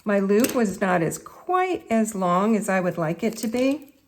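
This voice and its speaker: A woman's voice: mid-range voice, animated, unhurried, a little mellow, slight background noise. A woman with a Southern US accent hosting a chatty craft tutorial, talking straight to her viewers in a folksy way. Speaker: craft video host.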